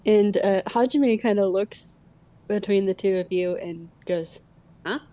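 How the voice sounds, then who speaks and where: A woman running a tabletop game, her narration slow and unhurried. Her voice is mellow and soft-edged, and she pauses often on filler sounds as she describes the scene. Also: mid-range voice. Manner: slow, hesitant narration full of filler uhs. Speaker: game master.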